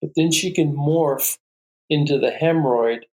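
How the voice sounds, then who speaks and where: A man's voice: a little high, a little slow, a little mellow. A man, a guest falconer, telling stories in a podcast conversation and often laughing. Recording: roomy echo.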